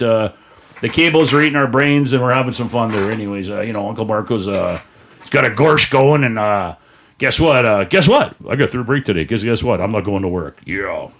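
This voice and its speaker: A man's voice: medium pitch, a little fast, a little hiss or hum. A Canadian man co-hosting a live podcast stream, rambling and joking with many fillers. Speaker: podcast co-host.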